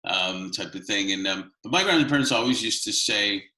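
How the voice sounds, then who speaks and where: A man's voice: lowish voice, animated, normal speed, bright, forceful tone, roomy sound, poor audio. A man from Canada hosting a casual interview, chatty and rambling with many fillers. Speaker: interview host.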